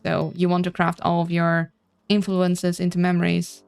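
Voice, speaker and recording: Gravelly-voiced woman streaming a game. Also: on the low side, monotone, normal speed, darkish tone, faint music behind. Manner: chatty, playful, stumbles over names. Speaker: let's-play streamer. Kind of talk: casual game playthrough, reading on-screen text aloud.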